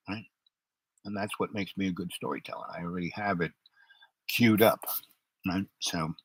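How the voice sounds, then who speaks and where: An older man hosting his own talk show, talking in a rambling, halting way with many fillers. His voice sounds unusual because of an old throat injury. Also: medium pitch, bright, forceful tone, dry recording, rough recording. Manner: halting, many fillers and restarts, stutters under strain. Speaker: show host. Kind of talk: rambling monologue.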